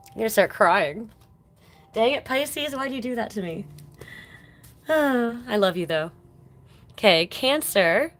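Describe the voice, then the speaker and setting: On a casual live stream, a tarot reader with a highish, somewhat bright voice lays out cards while chatting fondly with viewers. She keeps calling them baby.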